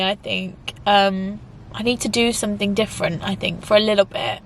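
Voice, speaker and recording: A woman's voice: mid-range voice, moderate pace, a little hiss or hum. A young woman talking in a casual, emotional vlog, rambling with lots of fillers. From England. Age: young adult. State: tearful at times. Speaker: YouTuber.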